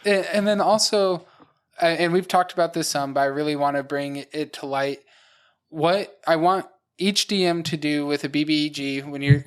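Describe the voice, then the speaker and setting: A man's voice: a little high, clear, resonant tone. A man co-hosting a casual podcast chat, methodically explaining his game prep step by step with "uh" and "like.". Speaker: podcast co-host, dungeon master.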